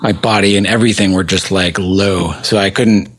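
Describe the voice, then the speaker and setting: A man, a band member co-hosting a podcast, telling a story in halting, searching phrases full of restarts. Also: low-pitched, steady tone, slightly rough, no echo. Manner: halting, restarts often, slow and searching for words. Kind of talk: casual chat.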